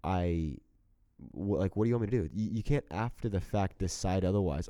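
A man with a very deep, mellow voice thinks out loud in a reflective way during a casual chat. His voice sounds close and dry, with little room sound. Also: fairly quick, no echo. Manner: reflective, backchannels often, thinks aloud. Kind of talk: casual conversation.

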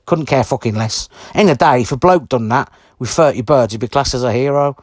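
A man's voice: mid-range voice, fairly quick, no room sound, clean studio sound. A man delivering an angry, heavily sworn ranting monologue to camera, blunt and indignant. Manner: heavy swearing, blunt and indignant.

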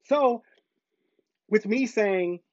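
A man's voice: high-pitched, drawn-out words. A man recounts a frustrating story in a casual, conversational monologue, leaning on repetition to drive each point home. His voice sits in a dry space with no room echo. The recording is a little dull and muffled. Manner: emphatic, repeats points for stress. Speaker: parent vlogger.

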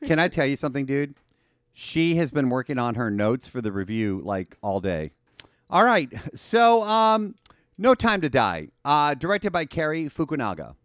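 Excitable male podcast host. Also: mid-range voice, normal speed, no room sound, clean studio sound. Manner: excitable, chatty, playful. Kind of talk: casual podcast chat.

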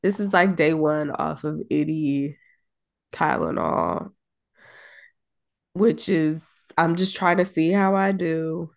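A woman's voice: low voice, steady tone, a little slow, few pauses. A woman co-hosting a podcast while sick and out of breath, complaining in tired casual chat with speech. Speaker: podcast co-host.

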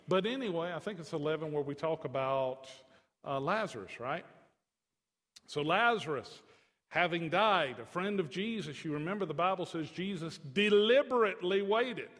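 A man preaching a sermon in a folksy, joking way, swinging from soft to emphatic. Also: high-pitched, long reverb tail. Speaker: pastor.

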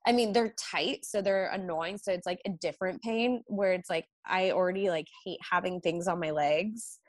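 Pregnant nurse telling stories, dry sound. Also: female voice, on the low side, moderate pace, no room sound. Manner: animated storytelling, acting out patients' requests. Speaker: registered nurse guest. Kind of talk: casual chat.

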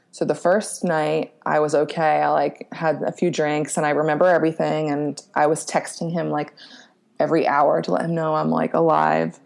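Young pennsylvania woman on a podcast, frank and self-mocking, lotta "like"s, kinda low voice. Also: fairly even intonation, moderate pace, gravelly, a little mellow. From Pennsylvania, USA. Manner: frank, lots of fillers, swears casually, laughs at herself. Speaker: podcast guest. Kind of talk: candid personal storytelling.

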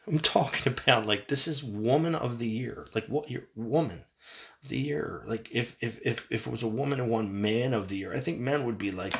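A man's voice: lowish voice, sharp tone. A middle-aged man hosting a podcast, ranting casually with frequent laughter, swearing and restarted sentences. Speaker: podcast host.

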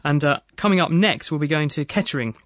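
Quick, jokey male host of a live call-in science show, dry studio sound. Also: a little high, expressive, a bit bright, no echo. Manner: brisk, chatty, jokey. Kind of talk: live radio chat.

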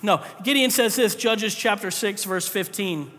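A high-pitched man preaches with a bright, forceful tone, his voice carrying through a church hall with a long reverb tail. He talks in a conversational way and drops joking asides between points. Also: unhurried. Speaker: pastor. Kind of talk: sermon.

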